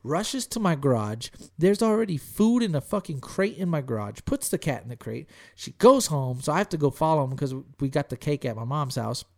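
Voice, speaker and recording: A man in a casual podcast chat, telling a profane story in an animated way and acting out quotes in a raised voice. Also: fairly high pitch, a little fast, gravelly, few pauses.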